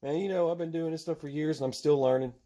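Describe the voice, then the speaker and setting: A man's voice: a little high, fairly even intonation, fast talker, dark tone, slight background noise. A man in his thirties who rambles casually and chuckles to himself as he works at a bench, talking to viewers. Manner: rambling, chuckling, talks to himself while working. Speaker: channel host making knife gear.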